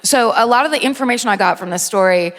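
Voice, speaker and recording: A woman's voice: on the high side, quick pace, slight background noise. A woman co-hosting a live comedy podcast on a theater stage, telling rambling stories with dry, self-deprecating humor. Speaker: podcast co-host. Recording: reverberant theater hall.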